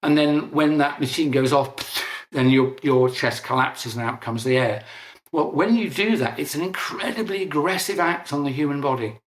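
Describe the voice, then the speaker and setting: A man's voice: a little high, moderate pace. An older British man explaining technical matters earnestly in an interview, often restarting words. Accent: British English. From Britain. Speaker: interviewed scientist. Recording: echoey room.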